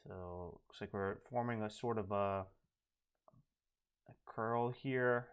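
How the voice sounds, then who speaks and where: A man's voice: fairly low pitch, takes it slowly, smooth. Casual man mumbling through live trading. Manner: casual, thinking aloud, mumbles asides. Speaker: day trading streamer.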